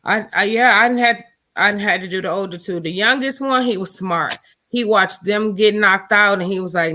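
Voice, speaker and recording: A woman's voice: medium pitch, normal speed, pushed and bright. A middle-aged mother talking frankly and bluntly about raising her kids, in a casual chat.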